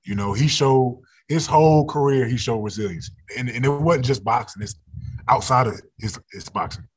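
A man's voice: medium pitch, normal speed, husky. A young adult man, a football player, talking casually in an interview, laid-back and often laughing.

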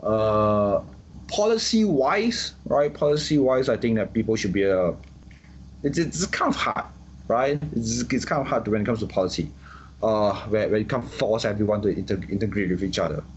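A Singaporean interviewee speaks casually about his views, often repeating words and filling in with restarts. His voice is on the low side and expressive, at normal speed. Slight background noise accompanies the dull, lo-fi recording.

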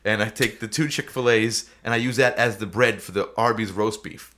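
A chatty man co-hosting a podcast, with a bright, forceful voice. He talks loosely and informally. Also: fairly low pitch, fairly even intonation, normal speed, a little hiss or hum. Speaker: podcast co-host. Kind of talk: casual chat.

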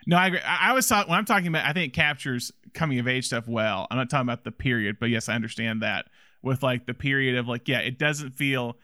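A man co-hosting a casual film discussion, animated and laughing often as he talks. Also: medium pitch, quick pace, no room sound, studio quality. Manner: animated, laughs often, restarts when excited. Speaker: podcast co-host.

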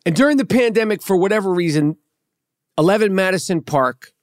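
A man hosting a podcast, telling a story in a teasing, profane, animated way. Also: high voice, a little fast, no echo, clean studio sound. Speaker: podcast host. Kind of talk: casual podcast banter.

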